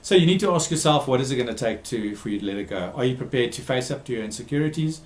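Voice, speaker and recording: A man who works as a therapist gives a recorded talk, speaking emphatically, repeating key words and pausing with frequent ums. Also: mid-range voice, expressive, reverberant. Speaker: therapist giving a talk series.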